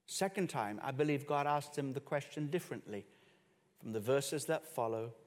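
Preaching man in a reverberant hall. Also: moderate pace. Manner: swings between hushed low passages and raised emphatic ones. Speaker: pastor. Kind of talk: sermon. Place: church hall with congregation and musicians. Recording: long reverb of a church hall.

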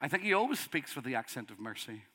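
A middle-aged man with a Northern Irish accent preaching a sermon, passionately, building to loud pleading. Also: mid-range voice, very animated, fast. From Northern Ireland.

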